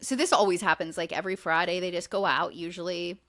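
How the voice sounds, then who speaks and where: A woman's voice: on the low side, steady tone, quick pace, a bit bright. A woman hosting a podcast, recapping a reality show in casual chat, talking loosely with lots of fillers and the odd swear word. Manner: chatty, filler-heavy, swears freely. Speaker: podcast host.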